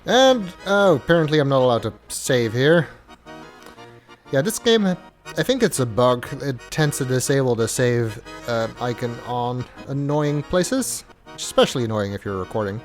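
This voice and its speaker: A man giving wry let's play commentary, chatting and musing over a game. His pitch jumps around in a lively way, with faint game music in the background. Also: normal speed. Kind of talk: casual gameplay commentary.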